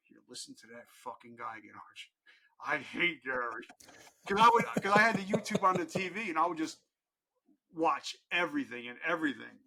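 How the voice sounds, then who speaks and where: A man's voice: sits high, bright, forceful tone. A middle-aged man telling his personal story as a podcast guest, candid and earnest, with blunt, casual language.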